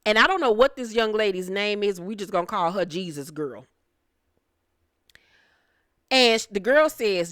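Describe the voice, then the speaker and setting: A woman's voice: mid-range voice, lively intonation, normal speed, long pauses, fairly bright tone, no echo, studio quality. A woman giving a casual recap review of a reality show, brash and profane, laughing often.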